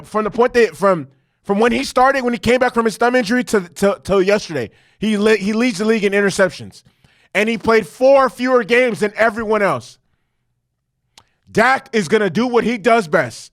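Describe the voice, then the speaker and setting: A man hosting a casual sports reaction show, talking in an animated, profane way and repeating points for emphasis. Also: high voice, dry recording, studio quality. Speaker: sports commentary host.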